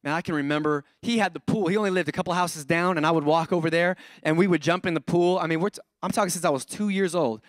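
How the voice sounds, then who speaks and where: A man in his thirties preaching a sermon as a pastor, telling stories in an animated, playful way and acting out voices. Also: a little high, fast talker, hardly any pauses, no room sound, studio quality. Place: church auditorium.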